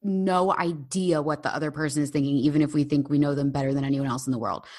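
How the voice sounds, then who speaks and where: A woman with a somewhat low voice co-hosts a relaxed conversation. She talks in a chatty, storytelling way, slipping into lively voices when she quotes people. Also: fast. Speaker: podcast co-host. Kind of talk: casual chat. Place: living abroad in Britain.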